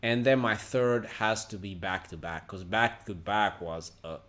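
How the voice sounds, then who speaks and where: Animated man reacting in casual chat. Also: a little slow. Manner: animated, swings between loud outbursts and low mutters. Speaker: co-host.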